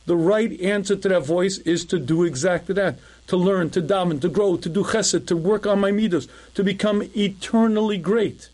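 High-voiced man giving a conversational lecture. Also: moderate pace, few pauses, darkish tone. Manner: frequent throat clearing, conversational storytelling. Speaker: rabbi teaching a lecture. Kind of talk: recorded lecture with storytelling.

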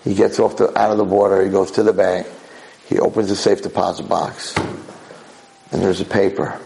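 Gravelly, animated male preacher. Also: low-pitched, normal speed, poor audio. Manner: animated, acts out voices. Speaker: Torah lecturer. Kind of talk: sermon storytelling.

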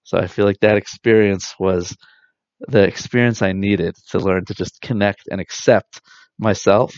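A man, likely in his thirties, giving an earnest, reflective spiritual talk with soft pauses. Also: lowish voice, steady tone, dry recording. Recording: dull dry lo-fi sound.

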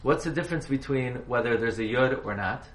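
A man's voice: medium pitch, brisk. Man teaching a class in an echoey room. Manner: quizzes the class, spells words letter by letter. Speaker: Torah teacher. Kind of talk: halacha class lecture. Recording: echoey room, faint hiss.

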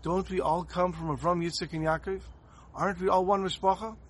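A man giving a Torah talk as a sermon, telling a story in an earnest, animated way. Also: high voice, fairly quick, husky.

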